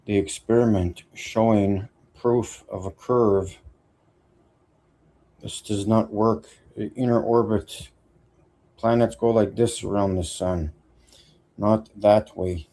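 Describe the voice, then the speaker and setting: A man's voice: on the low side, dark tone. A man hosting a livestream, talking casually in a sarcastic, rambling way with many fillers. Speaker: livestream host.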